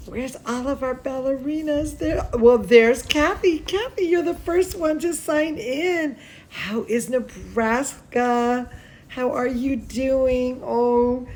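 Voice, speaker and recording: A young woman teaching dance, chatting gently and playfully with children and a puppet at story time. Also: high-pitched, takes it slowly, slight background noise. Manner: sing-song, gentle, talking to a puppet. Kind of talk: casual chat with children online. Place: home.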